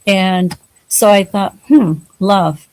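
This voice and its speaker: Co-host, female, mid-pitched, hesitant storyteller. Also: takes it slowly, a little mellow, rough recording. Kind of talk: casual chat.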